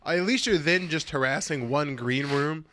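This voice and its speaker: Co-hosting a laid-back podcast chat, this man has a somewhat high voice and a moderate pace. He recounts, with plenty of swearing, a story about his family at a comedy show, giving the people he quotes lively voices.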